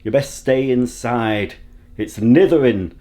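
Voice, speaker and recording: A man's voice: medium pitch, slow pace, mellow, lightly acted. A man voicing a home voice assistant with a broad put-on Yorkshire accent, drawing out a folksy warning.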